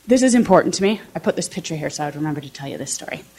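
A woman's voice: sits low, animated, racing, a little mellow, breathy edge. A woman professor from southern Illinois giving a conversational talk to fellow teachers, often checking in with the audience. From southern Illinois, USA. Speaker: political science professor.

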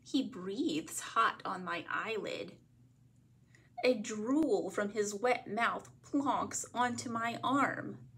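A woman from a library reading a picture book aloud as a bedtime story, in a gentle read-aloud manner. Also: medium pitch, drawn-out words, slightly rough.

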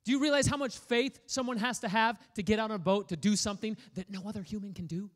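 A pastor preaching a sermon in an energetic, playful way, prodding the congregation to respond. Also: male voice, high-pitched, fast talker. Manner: energetic, playful, prods the audience for feedback.

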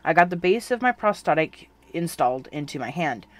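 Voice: mid-range voice, very animated, a little fast, close to an everyday voice. A narrator voicing the listener's own character, a sarcastic, self-mocking young cyborg with a prosthetic hand, in a fan fiction audiobook reading. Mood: wry.

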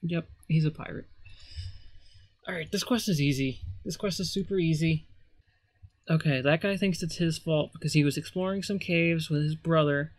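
A man's voice: fairly high pitch, normal speed, no room sound. A man giving casual gameplay commentary as a let's player, rambling with sarcastic asides.

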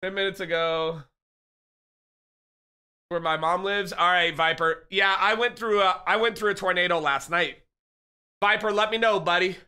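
Hyped bright-voiced young male streamer. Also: high voice, fairly even intonation, moderate pace, long pauses, smooth. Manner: hyped, laughing, reads chat aloud. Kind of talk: casual live-stream chat with viewers.

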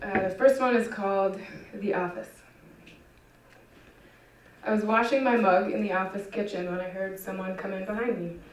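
A woman reading her own short stories aloud at a live literary event, with a wry, deadpan delivery. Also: mid-range voice, normal speed, pauses often, slight background noise. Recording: dull, echoey room from far off.

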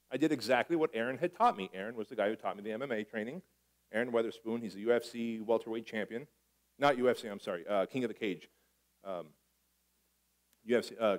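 Male motivational speaker, middle-aged, animated storyteller who swears and acts out dialogue on stage. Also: medium pitch, low-quality recording. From Armenia. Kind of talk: live motivational talk.

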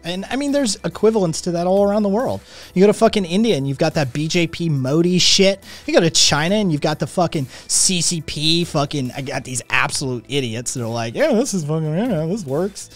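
A man's voice: fairly high pitch, brisk. A man who says he is sick and in pain, ranting with constant swearing while he reads and answers his chat. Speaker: streamer. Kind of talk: ranting live stream chat.

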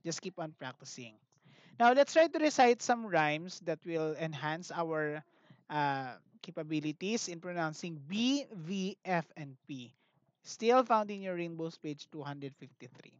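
Slow-paced Filipino teacher, dull dry audio. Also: mid-range voice, lively intonation, no room sound. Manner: slow, clear, patient classroom delivery, mixing English and Tagalog. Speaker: grade one teacher. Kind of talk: online class lesson.

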